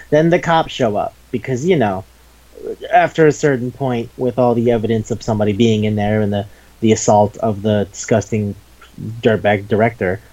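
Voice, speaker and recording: A man chatting casually as a podcast host, retelling a manga story in an animated, profane way, acting out the characters' lines and laughing often. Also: fairly low pitch, normal speed, muffled recording.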